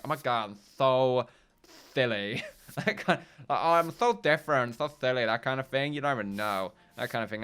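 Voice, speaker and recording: A British gaming video host plays a game while giving rambling, jokey, profane casual commentary. His voice is medium in pitch, a bit bright and clean in tone.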